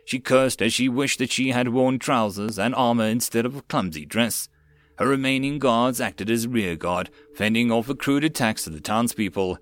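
A man reading a web novel audiobook in a steady narrating voice. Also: medium pitch, moderate pace.

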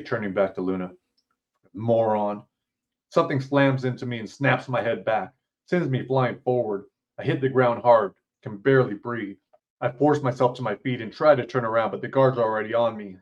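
A man's voice: medium pitch, moderate pace, muffled recording. A man, author and podcast host, reading his interactive story aloud with blunt, casual asides and free swearing.

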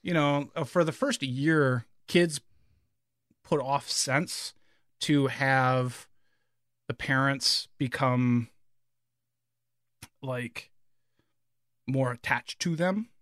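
A man's voice: mid-range voice, drawn-out words, pauses often, a bit bright, no room sound, studio quality. A man in his thirties chatting casually as a podcast co-host, telling stories with many fillers and restarts. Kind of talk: casual chat.

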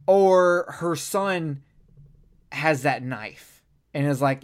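Give me a profane, rambling co-host in an animated film review chat, at a middle pitch. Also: drawn-out words, pauses often, smooth. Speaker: podcast co-host reviewing a horror anthology film.

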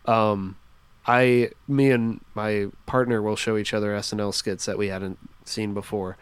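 Male podcast guest with a lowish voice and a dry, close sound; rambly, enthusiastic, full of fillers. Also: level tone, measured pace, clear, resonant tone, no echo. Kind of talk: casual podcast chat.

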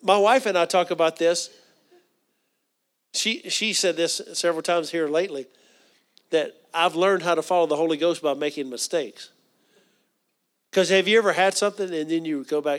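A man's voice: on the high side, fairly quick, fairly bright tone. A middle-aged man preaching a sermon. He often repeats words and asks the congregation questions. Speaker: pastor.

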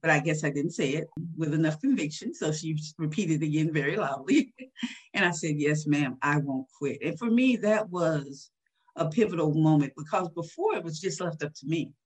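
A woman in her sixties, husky-voiced, recalling a personal story in a candid interview with a soft laugh now and then. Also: low-pitched, animated, moderate pace. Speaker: guest.

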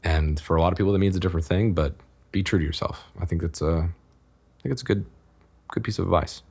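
Deep-voiced man telling a story. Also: fast, gravelly, slightly rough. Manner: animated, laughs through his story. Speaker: podcast guest. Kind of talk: casual storytelling.

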